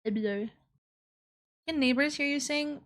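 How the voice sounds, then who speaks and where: A young woman streamer in casual live chat, excitable and loud, laughing often. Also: high-pitched, a little slow.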